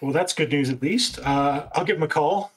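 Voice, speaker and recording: A man's voice: a little high, normal speed. A man playing a tabletop game at a live convention, talking casually and thinking aloud through his moves. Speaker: player.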